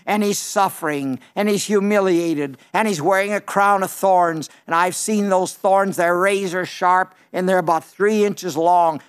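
A man preaching a televised sermon, telling the story dramatically and swinging from loud outcries to hushed tones. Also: high-pitched. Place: television studio.

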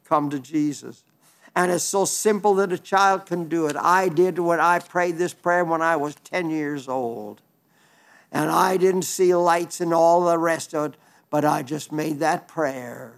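An older man delivers an earnest, folksy sermon, pleading with his listeners and often restarting his words. His voice sits a little high.

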